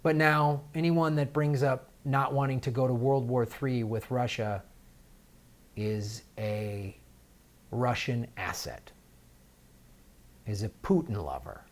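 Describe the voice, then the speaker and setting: A man's voice: mid-range voice, slow, pauses often. A man hosting political commentary, talking in a heated, sarcastic way with lots of filler words and restarts.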